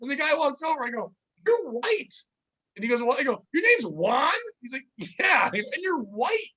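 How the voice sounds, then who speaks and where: Man, very high voice, bright tone, rambling storyteller, casual podcast chat. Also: a little fast, slightly rough. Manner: rambling storyteller, animated retellings. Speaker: podcast host.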